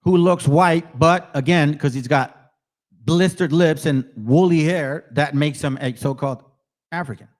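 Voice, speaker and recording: A man with a slightly high voice takes an unhurried pace on his own channel. Between remarks he reads passages aloud, and his religious commentary is combative, directly mocking and confronting viewers.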